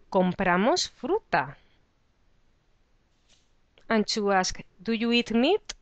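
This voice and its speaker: A woman teaches a beginner Spanish lesson from a script. She explains each verb ending and then says the example words slowly and clearly. Her voice sits at a middle pitch, recorded close and dry with no room sound. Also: dry recording. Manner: clear, slow model pronunciation of example words.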